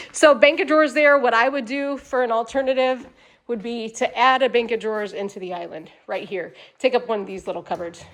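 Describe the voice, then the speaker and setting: A woman hosting a walkthrough tour inside a manufactured home, chatty and upbeat as she talks straight to viewers, tired at the end of a long day. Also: fairly high pitch. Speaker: home sales host giving a tour.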